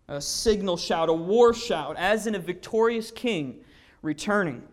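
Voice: mid-range voice, animated, a little slow. A lay preacher giving a verse-by-verse sermon, earnest and emphatic, often restarting with repeated "and, and" and reading scripture aloud in old-fashioned wording. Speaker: lay preacher in a church service. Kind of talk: sermon, verse-by-verse Bible teaching.

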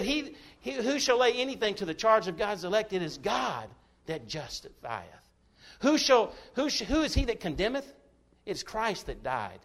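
High-voiced man preaching a folksy sermon. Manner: folksy, emphatic preaching with joking asides. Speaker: pastor.

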